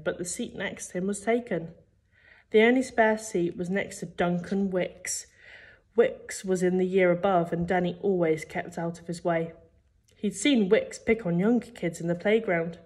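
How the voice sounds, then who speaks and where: Teacher reading a storybook. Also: female voice, lowish voice, a little slow. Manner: expressive storytelling, acting out the characters. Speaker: primary school teacher. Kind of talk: reading a children's book aloud.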